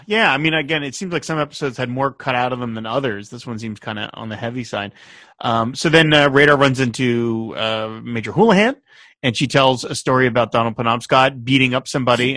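A man co-hosting a casual chat, animated, laughing often and quoting lines. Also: medium pitch, no room sound, clean studio sound. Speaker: podcast co-host.

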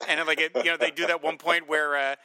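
A man co-hosting a podcast who recaps a TV episode and chats about it in a lively way, now and then mimicking lines from the show. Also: fairly high pitch, fast talker, dry recording. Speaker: podcast co-host. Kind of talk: episode recap and casual chat.

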